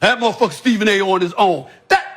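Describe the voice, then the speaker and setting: A middle-aged male sports commentator in an impassioned on-air rant, hammering his points with repetition and loud bursts. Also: sits high, fast talker.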